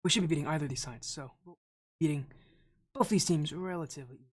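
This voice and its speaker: A man's voice: fairly high pitch, racing, breathy edge. A man streaming as an esports caster, chatting casually with viewers, slightly out of breath, rambling with restarts. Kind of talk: casual live-stream chat.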